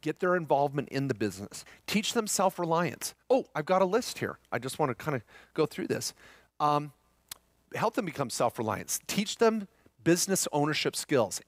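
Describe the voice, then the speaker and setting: A man's voice: on the high side, no room sound. A middle-aged man speaking to a live seminar audience, joking and upbeat, talking straight to the room.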